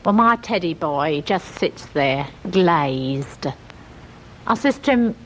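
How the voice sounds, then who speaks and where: A middle-aged woman, telling a comic story in a chatty, gossipy, deadpan working-class way. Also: lowish voice, slow pace. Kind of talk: comic monologue.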